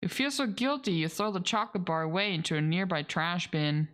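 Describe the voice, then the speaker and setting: Speaking briskly in a fairly low, slightly bright voice, a woman does let's play commentary. She reads the game's text aloud, laughing and swearing casually as she reacts.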